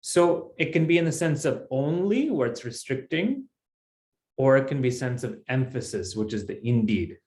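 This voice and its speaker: A man's voice: medium pitch, expressive, normal speed, darkish tone, echoey room. A man teaching a Sanskrit class, explaining patiently step by step. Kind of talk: online language class.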